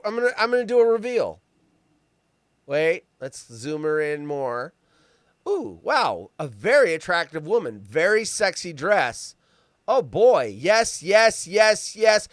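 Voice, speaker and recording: A man hosting a live show, mocking news stories with loud outbursts and a teasing manner. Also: high-pitched, slow, clean tone, no echo, studio quality. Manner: mocking, animated, bursts into loud outcries. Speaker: host.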